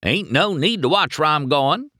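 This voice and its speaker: A man's voice: mid-range voice, wildly swooping pitch, slow, fairly bright tone, no room sound, clean studio sound, voice pushed up, exaggerated voice. A man reading a storybook aloud, voicing a goofy, boastful country tow truck who teases in a folksy, sing-song drawl. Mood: teasing.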